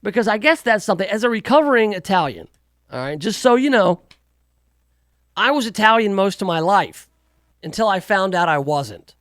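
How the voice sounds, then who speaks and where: A man's voice: high voice, big pitch swings, normal speed, a bit bright, dry recording, clean studio sound. A man hosting a talk radio show, delivering a rambling, sarcastic monologue full of jokey asides. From United States. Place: radio studio.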